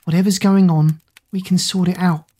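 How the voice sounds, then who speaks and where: A woman's voice: mid-range voice, lively intonation, measured pace, a little mellow, husky, pitched above the performer's own voice. A woman voicing a frightened teenage girl heroine in a read-aloud storybook, pleading and often half whispered.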